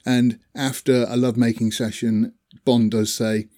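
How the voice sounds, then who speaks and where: A man's voice: mid-range voice, little pitch movement, a little slow, dark tone. A man chatting casually about films he has watched, rambling with fillers and small laughs. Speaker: film reviewer. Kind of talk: casual film chat.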